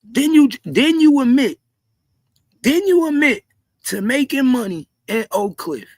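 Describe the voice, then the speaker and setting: A man doing heated livestream commentary, repeating himself in disbelief and often shouting. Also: very high voice, sing-song, unhurried, dry recording. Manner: repetitive, incredulous, frequently shouting. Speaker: commentary streamer.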